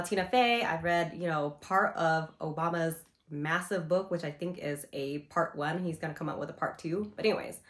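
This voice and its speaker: A woman's voice: fairly low pitch, a bit bright. A young woman chatting casually in a book review, gushing and rambling with lots of "you know" and "like". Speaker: book vlogger. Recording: roomy echo.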